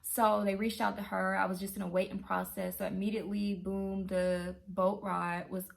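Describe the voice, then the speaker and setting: A woman telling a true travel story in a casual, animated way, acting out her own reactions. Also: medium pitch, moderate pace, vocal fry. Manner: animated, excitable retelling. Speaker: travel vlogger.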